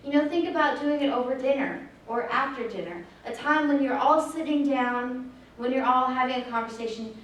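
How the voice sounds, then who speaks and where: Woman presenter, high voice, earnest, distant mic in a very echoey hall. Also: normal speed. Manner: earnest, acts out shouted lines in a story. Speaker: suicide prevention presenter. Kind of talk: presentation with storytelling. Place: large echoey room with audience. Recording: very echoey room from far off.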